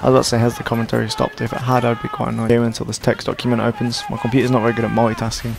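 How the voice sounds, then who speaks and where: Young male gaming commentator, tired and hoarse, gravelly, self-deprecating rambler. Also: medium pitch, completely flat delivery, rapid-fire, noisy background. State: hoarse, sore throat. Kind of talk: casual gameplay commentary.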